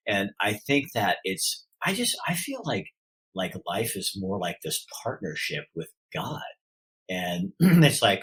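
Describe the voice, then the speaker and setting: A man's voice: lowish voice, sing-song, takes it slowly, a bit bright, husky, rough recording. A middle-aged man telling a personal story as a podcast guest. He speaks from the heart and often halts and restarts his sentences.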